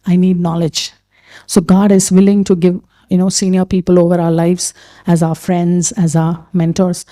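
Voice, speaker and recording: Chatty middle-aged woman, mellow voice. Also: fairly low pitch, flat delivery, moderate pace. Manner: chatty, repeats "you know what" and "right?". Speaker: pastor's wife hosting a women's gathering. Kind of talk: casual talk to a group.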